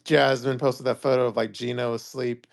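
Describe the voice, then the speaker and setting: A man's voice: mid-range voice, little pitch movement, normal speed, creaky. A man co-hosting a podcast, talking casually and hesitantly. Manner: hesitant, many fillers and restarts. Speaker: podcast co-host. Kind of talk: casual chat.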